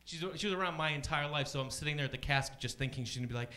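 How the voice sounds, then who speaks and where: A man doing a chatty stand-up comedy set on a club stage, deadpan, often jumping into high voices for other people. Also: rapid-fire, few pauses.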